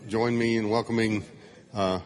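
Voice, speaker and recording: A man's voice: on the low side, flat delivery, moderate pace. A man at church introducing the guest speaker and leading an opening prayer. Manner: upbeat introduction, then earnest prayer. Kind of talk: announcement and prayer.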